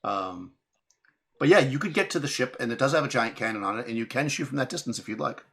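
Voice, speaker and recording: A young man runs a tabletop game as its game master, describing the scene in a loose, rambling way. He keeps restarting his sentences and breaks into quick laughs. His voice sits at a middle pitch for a man. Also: animated, fairly bright tone.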